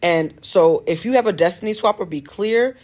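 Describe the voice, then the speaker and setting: A woman's voice: fairly low pitch, moderate pace, a little mellow. A woman tells a personal story straight to camera in a blunt, emphatic way. She works as a tarot reader and life coach. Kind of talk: storytime monologue.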